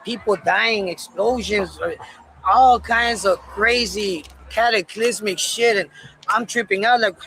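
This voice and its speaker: Bright-voiced man telling a wild story. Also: high-pitched, measured pace, creaky, slight background noise, poor audio. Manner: candid, profane, animated retelling. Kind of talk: casual storytelling.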